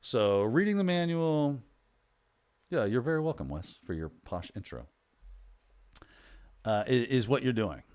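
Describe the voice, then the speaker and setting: A man hosting a casual livestream, rambling chattily and correcting himself as he goes. His pitch moves around animatedly, rising and dipping through each thought. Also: sing-song, measured pace, long pauses, darkish tone. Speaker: host.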